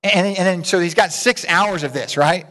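A man's voice: high-pitched, moderate pace, sharp tone. A man preaching a sermon in a conversational, folksy way, with asides to the congregation. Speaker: pastor. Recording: reverberant hall.

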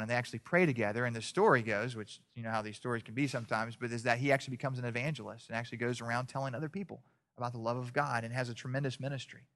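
Man, pastor, sermon, church, impassioned, loud then hushed, repeats words, mid-pitched voice. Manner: impassioned, swings between loud exhortation and hushed storytelling; repeats words and restarts often.

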